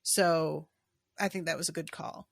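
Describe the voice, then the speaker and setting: A woman's voice: deep voice, fairly even intonation, unhurried, creaky, no echo. A woman hosting a podcast, chatting casually and candidly about a book and swearing freely. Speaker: podcast host. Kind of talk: casual book discussion chat.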